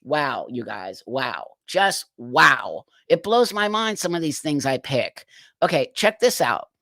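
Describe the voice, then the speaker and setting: A man's voice: medium pitch, very animated, slow pace, vocal fry, sharp tone, no room sound. A man hosting a livestream, reacting to clips with incredulous, exasperated commentary and frequent laughter. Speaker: livestream host.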